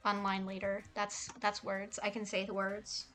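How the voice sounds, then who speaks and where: Young woman streamer, mid-pitched, rambling casual chat with soft cooing asides, faint background music. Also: completely flat delivery, normal speed. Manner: rambling, affectionate baby talk to cats.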